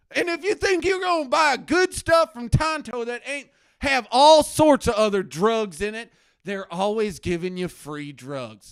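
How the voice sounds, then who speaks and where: A man playing a preachy, self-righteous male anti-drug crusader doctor on a comedy live stream from his basement, ranting between low mutters and loud outbursts. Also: vocal fry, clear, resonant tone, dry recording, studio quality, exaggerated voice. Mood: indignant. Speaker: host. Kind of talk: satirical live-stream rant. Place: home basement.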